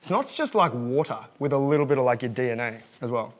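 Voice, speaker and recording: Giggly Australian man with a lively voice. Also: medium pitch. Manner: giggly, quick restarts, jokey. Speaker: comedian guest. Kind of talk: casual comedic chat. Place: kitchen, cutting onions.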